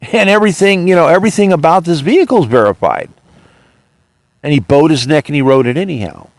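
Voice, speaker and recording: A man's voice: on the high side, animated, fairly quick, dry recording. Indignant man ranting on his podcast. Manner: indignant, ranting, retells arguments. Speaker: podcast host. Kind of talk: monologue.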